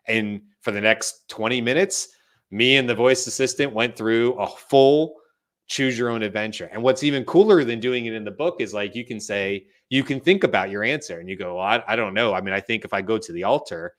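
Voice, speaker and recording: A man's voice: fairly low pitch, brisk. A man co-hosting a podcast, chatting casually and telling stories with quoted voices. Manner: animated storyteller, quoting and mimicking voices. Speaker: podcast co-host. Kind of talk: casual chat.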